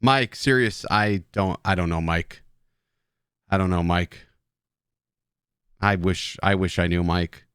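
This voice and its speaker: A man's voice: deep voice, fairly even intonation, slow pace, long pauses, a bit bright, clean tone, no room sound, studio quality. A man hosting a casual live stream, joking and swearing at his chat while drinking beer. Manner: rambling, joking, profane banter with chat.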